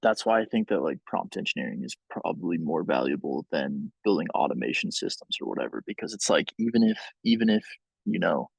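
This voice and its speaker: A man's voice: extremely low pitch, wildly swooping pitch, a little fast, vocal fry, husky, no echo, low-quality recording. A man in casual conversation, thinking aloud with hesitant restarts and fillers.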